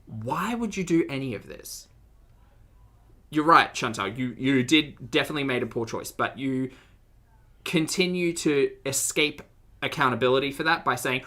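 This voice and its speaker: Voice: mid-range voice, animated, measured pace, a bit bright. A streamer, reacting to videos in a casual, sarcastic and blunt way and reading out chat. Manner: blunt and sarcastic, laughs often.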